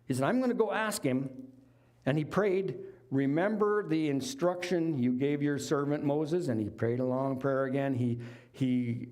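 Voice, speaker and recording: A middle-aged lay preacher delivers a sermon in a mid-range, slightly mellow voice at a measured pace. He retells a Bible story in a conversational, folksy style, tossing in casual asides.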